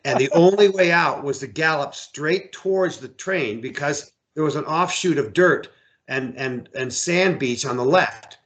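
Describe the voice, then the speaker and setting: A middle-aged American man, an outfitter and hunting guide, telling stories in a casual interview, animated and repeating words as he acts out voices. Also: on the high side, unhurried.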